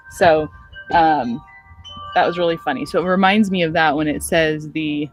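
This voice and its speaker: Middle-aged woman teacher, casual vlog chat, low-pitched voice with faint music behind. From suburban United States. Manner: chatty, laughs easily, animated storytelling.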